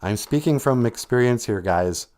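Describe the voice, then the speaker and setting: A man's voice: medium pitch, expressive, moderate pace, a little mellow. A man hosting a livestream, giving humorous casual advice and laughing between lines. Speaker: livestream host and language teacher.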